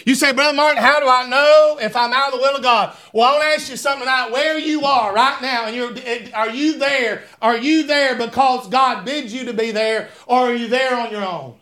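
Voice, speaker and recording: A man preaching a sermon in a church, swinging between conversational asides and fervent shouted appeals, often repeating words. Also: very high-pitched, brisk, few pauses. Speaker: pastor. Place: church sanctuary.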